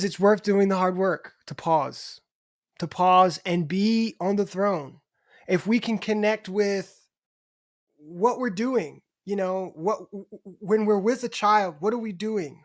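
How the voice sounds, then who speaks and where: A man's voice: high voice, no echo. Candid man with a dry close sound. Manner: candid, repetitive restarts, swears casually. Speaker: podcast guest. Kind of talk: casual conversation.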